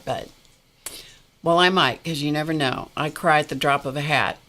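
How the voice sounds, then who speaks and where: A woman's voice: low-pitched, normal speed, a bit bright. A middle-aged woman hosting a craft livestream, chatting in a rambling way and greeting viewers by name. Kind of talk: casual livestream chat.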